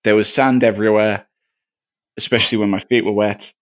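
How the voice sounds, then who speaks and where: A man's voice: fairly low pitch, steady tone, brisk. A man hosting a casual sports chat podcast, joking and laughing, often tripping over his words. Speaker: podcast host.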